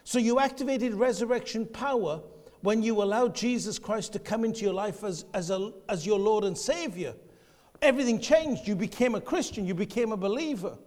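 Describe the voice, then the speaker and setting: A man preaching a passionate sermon, shifting between quiet, intimate passages and shouted declarations. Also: high-pitched, normal speed. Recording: long hall reverb.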